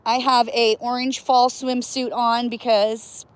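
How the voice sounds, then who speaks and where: High-voiced chatty woman livestreaming outdoors. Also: level tone, slow, clean tone. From US Northwest. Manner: playful, chatty, laughs often, whoops. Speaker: livestream host. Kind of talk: casual livestream chat. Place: outdoors by cold water.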